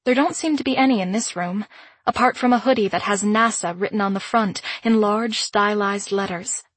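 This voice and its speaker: Slightly husky woman reading a story. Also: mid-range voice, dry recording. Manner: measured, introspective reading. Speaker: audiobook narrator. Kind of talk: first-person audiobook narration.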